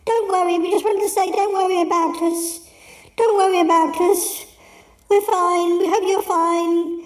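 A woman voicing a gentle little alien who talks in a slow, earnest, plaintive way. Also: very high-pitched, fairly even intonation. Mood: cheery message. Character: small, gentle alien creature, anxious and sad. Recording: echoey and distant from the mic.

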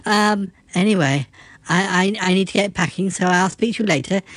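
A woman's voice: mid-range voice, no room sound, close to an everyday voice. A performer voicing an affectionate, fussy lady who gushes and gets flustered. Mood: gushing. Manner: gushing, slow, flustered.

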